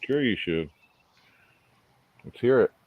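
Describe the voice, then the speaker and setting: A man's voice: medium pitch, lively intonation, slow pace, phone-quality sound. A man chatting easily on a livestream panel, mostly agreeing with the others. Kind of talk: casual chat.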